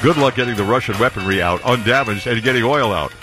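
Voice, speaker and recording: A middle-aged man from Virginia hosting a casual talk radio show, jokey and quick to slip into mocking voices. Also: medium pitch, music in the background. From Virginia, USA.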